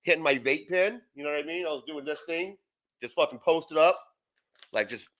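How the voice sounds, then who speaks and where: Young man, livestream host, high bright voice, profane, rambling, laughs a lot. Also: normal speed, no echo. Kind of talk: casual livestream chat.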